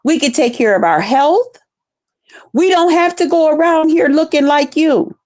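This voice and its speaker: High-voiced woman, slow confrontational rant. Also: expressive, darkish tone. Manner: confrontational, profane, repetitive. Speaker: streamer. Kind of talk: angry rant.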